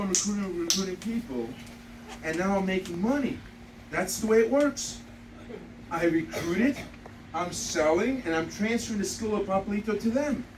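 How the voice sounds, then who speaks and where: An energetic man leads a live seminar, pulling volunteers up and bantering with the room. His voice sits high and carries an emphatic, salesy push. The recording catches him from a distance, with clear noise around him. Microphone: distant from the mic.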